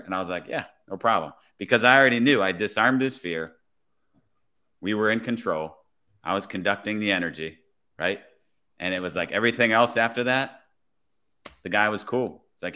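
A man, a police officer guest on a podcast, telling his story in a relaxed way with quoted dialogue. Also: lowish voice, moderate pace, long pauses.

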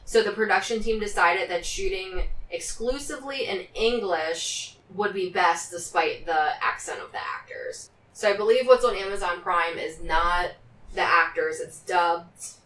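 A woman co-hosts a casual film podcast, laughing often and reading from notes between stretches of banter. She has a fairly low, fairly bright voice and talks a little slowly. The mic is slightly distant and the sound roomy.

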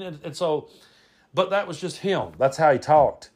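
A podcast host with a fairly high voice tells casual family stories at a normal speed. His monologue rambles, and he often restarts his words.

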